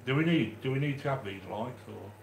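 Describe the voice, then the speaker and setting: A man from the English Midlands with a Midlands accent, hosting a live stream and chatting warmly with viewers as he reads their comments, with frequent restarts. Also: mid-range voice, animated, fairly quick, gravelly, reverberant, noisy background. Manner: chatty and affectionate, with many restarts. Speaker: livestream host reading chat. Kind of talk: casual live-stream chat.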